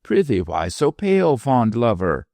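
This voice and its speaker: A man voicing a tiny, shrewd and mischievous old woman dwarf with a shrill, teasing manner in a storybook reading. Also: sing-song, unhurried, gravelly, no echo, clean studio sound, heavily acted. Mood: sly, scolding. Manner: sharp, teasing, whimsical.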